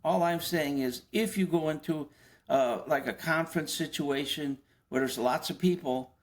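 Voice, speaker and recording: An older man, once an FBI agent, explains things conversationally in an interview, his voice on the high side. He often asks rhetorical questions and stumbles into quick restarts.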